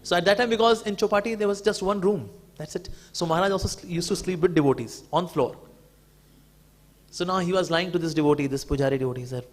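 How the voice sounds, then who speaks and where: A man with an Indian English accent telling devotional stories about his guru in a talk, acting out the dialogue and dropping lower and softer for the guru's lines. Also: fast talker. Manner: clears throat between stories. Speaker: speaker glorifying his guru.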